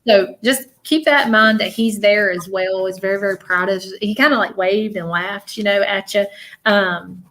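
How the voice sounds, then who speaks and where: A woman working as a psychic medium, giving a live reading in a halting way, full of fillers, restarts and repeated words. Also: medium pitch, steady tone, a bit bright.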